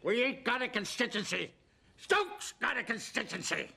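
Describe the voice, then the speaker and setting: An actor playing a gruff older Southern male governor with a Southern accent, barking insults in a no-nonsense way. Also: very high voice, lively intonation, moderate pace, pushed and bright, full character voice. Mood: scornful.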